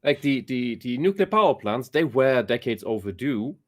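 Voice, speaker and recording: Male guest, mid pitch, blunt, opinionated, casual. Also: sing-song, moderate pace. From Germany. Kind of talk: casual conversation.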